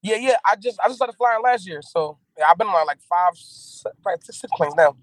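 Guy calling in from his car, kinda high voice, grateful and laughing a lot. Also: a little fast, dry recording, poor audio. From North Carolina. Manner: grateful, excitable, laughing often. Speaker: rapper, guest. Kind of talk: casual interview. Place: in a moving car.

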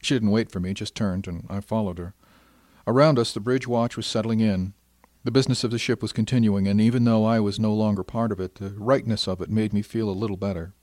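A man narrating a science fiction audiobook in the first person. He reads in a measured, reflective manner with a low voice. The recording is dry and close. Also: fairly even intonation, darkish tone, no echo.

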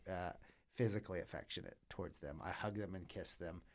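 A man's voice: low-pitched, fairly even intonation, a little fast. A man speaking as a podcast guest, earnest and reflective with a touch of dry humor. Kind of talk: casual chat.

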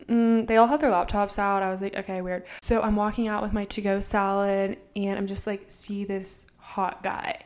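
Young woman, twenties, podcast co-host, casual storytelling, filler-heavy, mid pitch. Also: flat delivery, moderate pace, hardly any pauses, a little mellow. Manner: chatty, filler-heavy, acts out dialogue with swearing.

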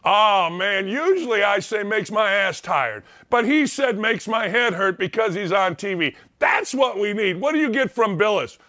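Brash high-voiced sports talk host. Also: male voice, animated, normal speed, few pauses, bright, forceful tone. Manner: brash, blunt, ranting. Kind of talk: opinionated sports talk monologue.

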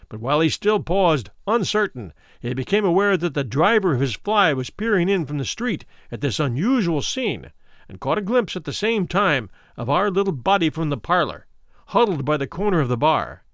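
A male narrator reads a classic tale in a measured, expressive way. His voice sits somewhat high and moves very freely in pitch. The sound is dry and close, with no room echo. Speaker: audiobook narrator. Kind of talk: scripted narration of a classic story.

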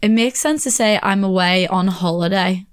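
A young woman with an Irish accent, hosting a casual solo podcast, chatty and quick to laugh, with lots of "like" fillers. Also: medium pitch, smooth. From Ireland. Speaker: podcast host.

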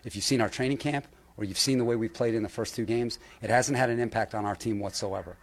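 Gravelly, fast-talking football coach. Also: male voice, mid-range voice. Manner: firm, defensive, repeats himself. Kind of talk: press conference answers.

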